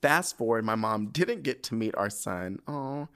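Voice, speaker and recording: A young man with a low-pitched voice hosts a podcast in a loose, camp, expletive-peppered chat. His voice swings widely up and down as he tells stories and reads a listener's letter, often near tears. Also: a little slow, clean tone. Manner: animated, camp, swears freely, gets emotional while reading. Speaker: podcast host.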